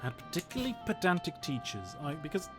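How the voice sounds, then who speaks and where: A man's voice: a little high, big pitch swings, fast, over music. A man in his thirties from Portugal, a native Portuguese speaker with a British-sounding English accent, chatting articulately with viewers while playing a strategy game. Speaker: historian streaming a strategy game. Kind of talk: casual livestream chat and game commentary.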